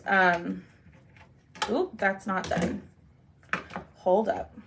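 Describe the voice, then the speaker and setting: A woman's voice: fairly high pitch, lively intonation, a little slow, very noisy. A young woman hosting a chatty live craft stream, talking viewers through her work and thanking commenters as she goes. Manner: bubbly, talks to viewers while working, thanks commenters.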